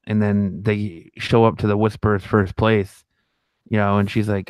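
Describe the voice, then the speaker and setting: A man's voice: lowish voice, little pitch movement, normal speed, clear, resonant tone, no echo, studio quality. A man co-hosting a fan podcast, talking casually and rambling with many restarts and fillers. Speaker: podcast co-host.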